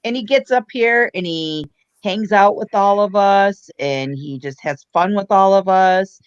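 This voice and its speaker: A woman's voice: mid-range voice, measured pace, smooth, no echo. A woman hosting a trivia night over a call, chatting in a friendly way and laughing often. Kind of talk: casual chat. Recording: dull lo-fi audio.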